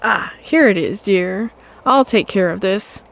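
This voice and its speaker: Lady putting on a sweet mom cat, soft and doting, slow talk. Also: medium pitch, animated, vocal fry. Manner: sweet, affectionate, soothing. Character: doting gentle mother cat. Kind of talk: game voice acting.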